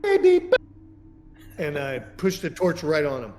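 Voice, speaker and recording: A young man playing a tabletop game, playful and excitable. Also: fairly high pitch, moderate pace, slight background noise. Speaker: player.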